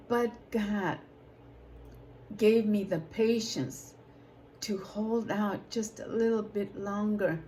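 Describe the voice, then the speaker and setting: A woman who leads a ministry, giving a personal testimony in a slow, emotional way that rises to emphatic outbursts. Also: mid-range voice, fairly even intonation, darkish tone, slight background noise, low-quality recording. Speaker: ministry leader.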